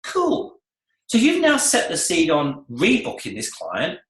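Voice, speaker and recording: Male coach, upbeat seminar delivery with a swooping, lively pitch and a fairly high voice, echoey room. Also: unhurried. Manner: animated, acts out client and staff voices. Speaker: salon coach.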